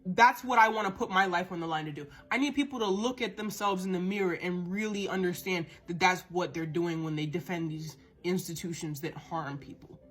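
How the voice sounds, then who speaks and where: A woman's voice: on the low side, brisk, few pauses, a bit bright. A woman hosting a podcast, ranting in a heated, profane monologue and often repeating and restarting words as she gets worked up. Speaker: podcast host.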